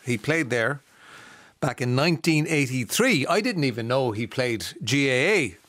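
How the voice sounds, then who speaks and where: A man's voice: medium pitch, expressive, moderate pace, fairly bright tone, dry recording, clean studio sound. A man hosting a radio show, chatting casually and asking friendly questions with plenty of fillers.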